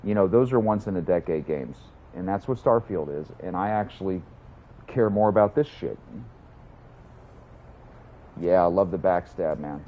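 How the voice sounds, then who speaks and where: A man's voice: sits low, normal speed, pauses often, muffled recording. Profane rambling young man streaming a game. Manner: rambling, profane, reads and answers chat. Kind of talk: casual gaming livestream chatter.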